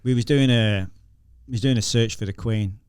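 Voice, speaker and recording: A man's voice: on the low side, moderate pace, a little mellow, clean tone, no echo, clean studio sound. A middle-aged man from England with a Northern English accent, telling anecdotes in a casual podcast interview, laughing and restarting as he goes. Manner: chatty, laughs through anecdotes, lots of restarts. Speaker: guest, former explosive detection dog handler.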